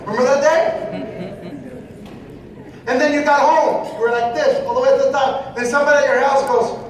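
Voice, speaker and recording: A man's voice: extremely high pitch, steady tone, a little fast, a crowd in the background. A man giving a motivational seminar talk, preachy and repetitive, firing questions at the audience. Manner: preachy, repeats phrases, asks the audience questions. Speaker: motivational speaker. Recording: echoey hall, voice from far off, faint noise.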